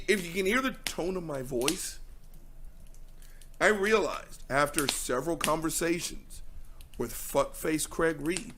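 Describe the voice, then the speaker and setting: A male show host giving blunt, profane, amused commentary while pausing and replaying a past call. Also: a little high, background noise. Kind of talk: casual commentary over a replayed clip.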